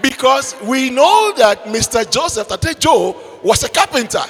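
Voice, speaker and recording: A man preaching a lively, humorous sermon in a church, moving from shouts to near whispers, with the sound of a reverberant hall. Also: very high-pitched, measured pace, some chatter behind. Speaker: pastor.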